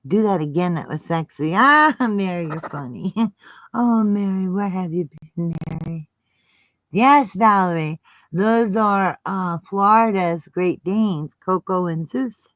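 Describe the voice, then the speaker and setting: A woman's voice: fairly low pitch, slow, no echo, rough recording. A woman on a casual live stream, greeting viewers affectionately and laughing often. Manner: warm, giggly, affectionate toward viewers.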